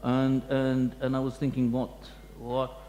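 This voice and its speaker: A man, a museum curator, giving a reflective talk to an audience, pausing and restarting often. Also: mid-range voice, monotone, mellow. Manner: halting, many restarts and fillers, reflective. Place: lecture hall. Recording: echoey hall with faint hum.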